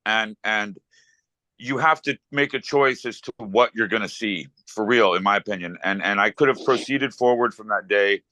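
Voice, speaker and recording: A man's voice: lowish voice, moderate pace, bright, forceful tone, no room sound, low-quality recording. A middle-aged man, a rock musician as interview guest, speaking earnestly and reflectively in long thoughtful sentences. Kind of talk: interview conversation.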